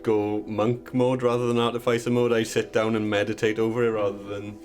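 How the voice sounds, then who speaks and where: A man playing a tabletop game, explaining his character's actions in a relaxed way. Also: lowish voice, fairly quick, faint music behind. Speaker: player.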